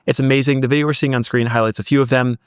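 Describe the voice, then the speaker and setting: A man from the United States hosting a casual tech podcast, upbeat and energetic. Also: mid-range voice, racing, clear, resonant tone, no echo, studio quality. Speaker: podcast host.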